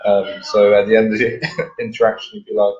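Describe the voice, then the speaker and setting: Man, low and flat, casual coach talk; earnest, lo-fi audio. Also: brisk. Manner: earnest, acts out sample lines. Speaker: confidence coach. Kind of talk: casual advice chat.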